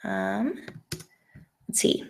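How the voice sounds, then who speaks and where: Chatty woman teaching over a video call. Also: very slow. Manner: casual, patient, thinks aloud with many ums. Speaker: Spanish teacher. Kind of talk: online class review session.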